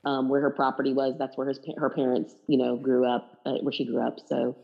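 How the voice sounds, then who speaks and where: A woman's voice: extremely low pitch, monotone, a little fast, creaky, husky, dull audio. A woman in casual conversation about a TV series, frank and chatty, often correcting her co-host. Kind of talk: casual chat.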